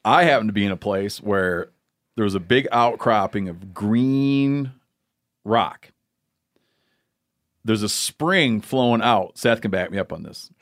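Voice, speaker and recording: A man hosting a podcast, telling a rambling story in casual, joking chat. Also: fairly low pitch. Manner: storytelling, joking, drawn-out asides. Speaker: podcast host.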